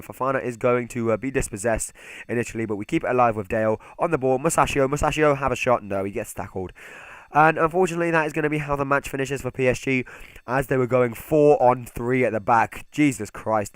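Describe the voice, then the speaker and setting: A man's voice: mid-range voice, smooth, no room sound, rough recording. Man giving chatty gameplay commentary, dry sound. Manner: chatty, talks straight to viewers. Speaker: gaming channel host.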